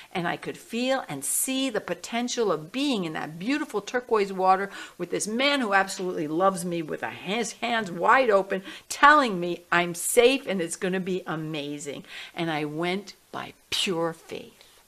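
Middle-aged woman, interview guest, animated storyteller who acts out her inner voices. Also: lowish voice. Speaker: guest, healing music artist.

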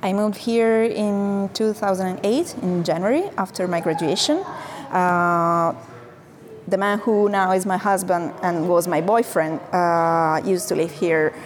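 A woman from Genoa, a food coach speaking as a guest, pausing often and filling gaps while she finds her words. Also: lowish voice, steady tone. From Genoa, Italy. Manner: hesitant, many fillers while searching for words. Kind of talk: conversational interview.

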